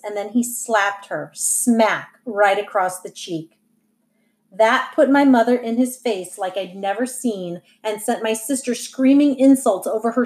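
A woman reads a first-person novel aloud in an even, unhurried storytelling voice. Her pitch sits in the middle of the usual range for a woman. Nothing is pushed; the telling stays plain and steady. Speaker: audiobook reader.

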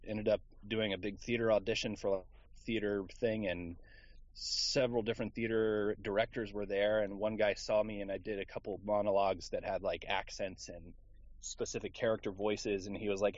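A man's voice: fairly low pitch, flat delivery, normal speed, no echo, dull audio. A man from Houston, Texas, a voice actor guest in a casual interview, talking in an easygoing, rambling way with plenty of fillers.

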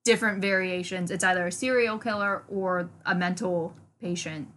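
A woman's voice: fairly low pitch, steady tone, moderate pace, a bit bright, a little hiss or hum. A woman co-hosting a casual podcast, telling an urban legend in an easygoing way. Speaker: podcast co-host.

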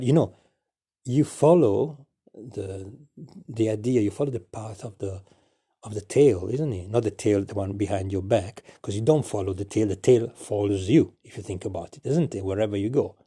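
A man spins a meandering storybook tale as a chatty, boastful parrot. His voice is husky and mellow, sitting a little low, and he keeps circling back with restarts and playful asides. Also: moderate pace. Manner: playful, digressive, rambling with many fillers and restarts. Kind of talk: improvised rambling story narration.

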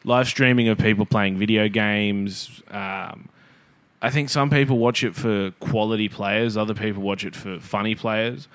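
Young man, podcast co-host, wry and jokey, low-pitched. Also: steady tone, a little slow, a bit bright, clean tone. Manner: wry, laughs often, jokey asides. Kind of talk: casual chat.

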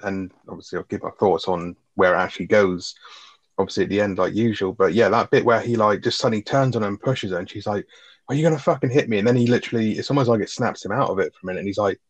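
A man, co-hosting a podcast and retelling film scenes in a sweary, animated way. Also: on the low side, no echo. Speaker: podcast co-host. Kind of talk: casual film review chat.

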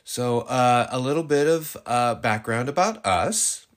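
A man's voice: medium pitch, animated, measured pace. A middle-aged man co-hosting a podcast, telling stories in casual chat with lots of fillers and laughter. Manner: laughing, full of fillers and restarts. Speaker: podcast co-host.

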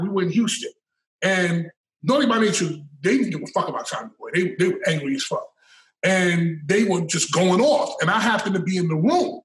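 A middle-aged man telling a story in a casual, animated and profane way, repeating words as he builds up. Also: high-pitched. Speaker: storyteller guest. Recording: roomy sound from a distant mic.

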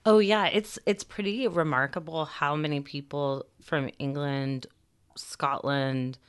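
Brief: female co-host, very low and smooth voice, wry explainer. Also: steady tone, a little slow. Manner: chatty, wry, explains topics. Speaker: podcast co-host. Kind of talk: casual chat.

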